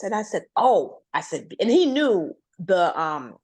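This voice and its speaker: Animated woman telling a workplace story. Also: measured pace. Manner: animated, acts out quoted voices with big pitch jumps. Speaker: guest. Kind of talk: storytelling in a conversation.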